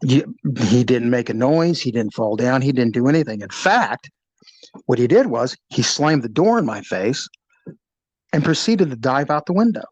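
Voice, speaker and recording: A middle-aged man, a former police officer, telling a personal story in an animated, vivid way, acting out the sounds. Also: mid-range voice, moderate pace, no echo, dull audio. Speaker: retired police officer recounting a shooting. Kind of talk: storytelling in an interview.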